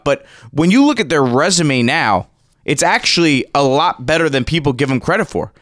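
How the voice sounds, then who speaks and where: Smooth-voiced man hosting sports radio. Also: fairly high pitch, dry recording, studio quality. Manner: energetic, rattles off stats and rankings. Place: radio studio. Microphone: studio microphone.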